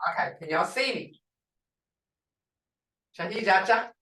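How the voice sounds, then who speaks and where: Slow, patient woman teaching in an echoey room. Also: mid-range voice, expressive, sharp tone. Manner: slow, patient, repeats phrases for students. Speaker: language teacher. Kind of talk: online language class. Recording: echoey room, distant mic.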